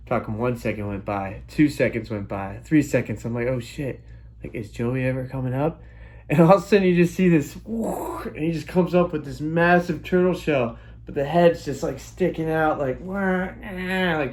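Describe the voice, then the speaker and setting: Young guy telling a childhood story, lively, goes "boom" and "whoosh" a lot. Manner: animated, sound effects and exclamations. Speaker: storytelling vlogger. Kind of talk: casual storytelling.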